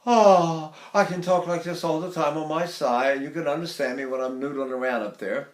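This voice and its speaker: Casting: older voice teacher, high-pitched, breaks into sung demos, recorded in a roomy space. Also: male voice, fairly quick. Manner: demonstrates by sighing and singing phrases high. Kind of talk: vocal technique lesson. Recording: echoey room.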